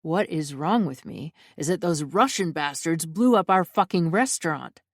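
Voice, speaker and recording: A woman's voice: sits low, animated, normal speed, dry recording, studio quality. A woman voicing a carefree, teasing mafia brother who talks with mock innocence. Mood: nonchalant.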